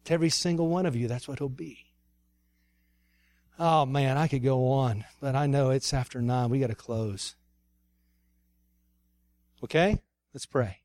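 A man's voice: mid-range voice, measured pace, long pauses, darkish tone, no room sound. A middle-aged man preaching a sermon, telling stories with laughter and ending in an emotional prayer.

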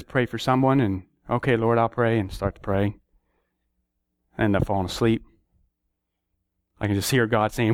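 A man preaching a sermon, telling stories and acting out prayers and dialogue with sudden rises in pitch. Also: no room sound, clean studio sound.

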